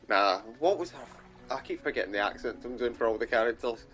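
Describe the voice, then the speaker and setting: A man's voice: mid-range voice, brisk, a bit bright, faint music behind. A Scottish man giving casual let's play commentary, muttering and swearing as he plays. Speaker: gaming streamer.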